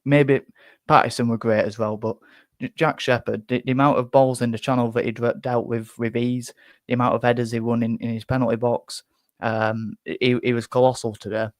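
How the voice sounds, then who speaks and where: A man's voice: medium pitch, little pitch movement, fairly quick, dry recording. A man hosting a live fan reaction, talking bluntly with many restarts and a little out of breath. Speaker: fan channel host.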